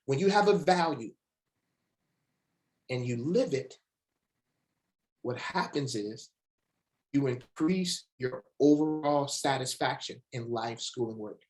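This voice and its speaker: A man with a mid-range voice presents a motivational webinar, animated and engaging the audience directly. To stress key words he slows down one word at a time, pausing dramatically.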